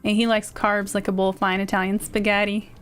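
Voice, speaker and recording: A woman's voice: medium pitch, flat delivery, a little fast, fairly bright tone, smooth, faint music behind. A woman streaming a video game, chatting casually and playfully with her viewers and swearing now and then. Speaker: VTuber streamer. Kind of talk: casual gameplay chat with viewers.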